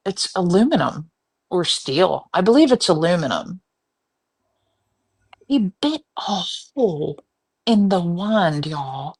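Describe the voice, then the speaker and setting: A woman telling a story casually on a live stream, animated and profane. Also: mid-range voice. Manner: animated, profane, breaks into screaming reenactments.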